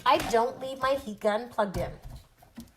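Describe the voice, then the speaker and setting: A woman's voice: on the high side, unhurried, slight background noise. A middle-aged woman giving a chatty live craft demonstration from her home craft room, greeting viewers as she works. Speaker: stamping demonstrator.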